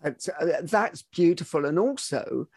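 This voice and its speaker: Male host, gravelly and husky, reflective explainer. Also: on the high side, expressive, unhurried, darkish tone, no room sound, studio quality. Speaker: podcast host. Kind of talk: conversational interview.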